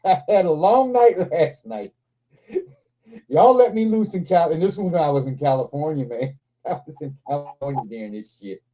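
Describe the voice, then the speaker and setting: Very dark-voiced man telling rowdy stories. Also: fairly high pitch, expressive, moderate pace, poor audio. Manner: laughing, profane, rambling with restarts. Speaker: livestream host. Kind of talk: casual storytelling chat.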